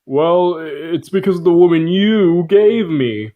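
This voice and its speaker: A man's voice: a little high, animated, slow, narrow, tinny audio, pitched above the performer's own voice. A man doing a stammering, flustered young Adam. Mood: defensive. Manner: stammering, excuse-making.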